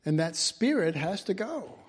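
A man's voice: sits high, sing-song, a little slow, husky. A man giving an informal Bible teaching in a folksy way, chuckling often and restarting his phrases.

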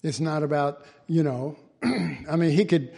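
A man's voice: fairly high pitch, unhurried, gravelly, mellow, husky. A man giving an informal Bible teaching in a folksy way, chuckling often and restarting his phrases.

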